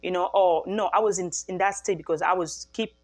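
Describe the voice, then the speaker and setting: A woman's voice: fairly low pitch, fairly even intonation, brisk, faint music behind. Earnest woman sharing a faith-based testimony. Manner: earnest, repeats phrases for emphasis, frequent restarts. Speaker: mother sharing a faith-based healing message. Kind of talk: personal testimony to camera.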